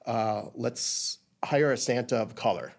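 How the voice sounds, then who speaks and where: A man's voice: mid-range voice, measured pace. A man who co-owns a photo studio, talking casually in an interview with many fillers and restarts. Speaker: business co-owner.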